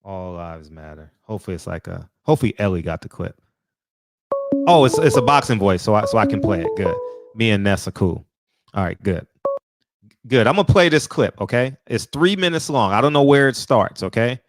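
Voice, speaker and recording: A man's voice: lowish voice, expressive, fairly quick, no room sound, studio quality, soft background music. A man hosting a livestream, talking frankly and thinking aloud in casual commentary. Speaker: livestream host.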